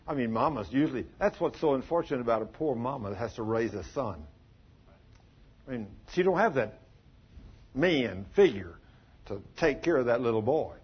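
Preacher guy, folksy and chatty, husky voice, kinda dull lo-fi recording. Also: mid-range voice. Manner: folksy, plain-spoken, asks the audience questions. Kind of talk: folksy sermon with storytelling.

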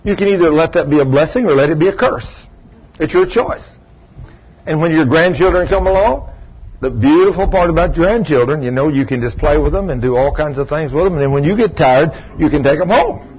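An older man delivers an animated sermon, slipping into voices as he tells his stories. His voice sits a little high and has a husky edge. The recording sounds dull and lo-fi. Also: brisk. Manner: animated storytelling, acting out voices. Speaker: pastor.

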